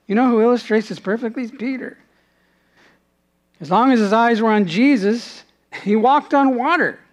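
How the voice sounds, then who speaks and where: High-voiced man preaching a sermon. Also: normal speed. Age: adult, father has passed away. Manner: earnest preaching, dropping to a hushed voice in prayerful moments. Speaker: pastor.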